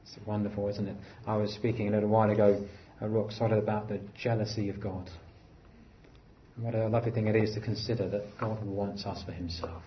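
A man preaching a sermon in an earnest way, rising to emphatic lines and dropping to quiet, low phrases. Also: flat delivery, a little fast, dull audio, slight background noise.

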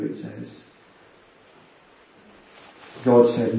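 A man preaching a sermon with earnest warmth, often addressing his listeners as friends. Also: sits high, very animated, extremely slow, creaky, long pauses. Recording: echoey, distant and dull.

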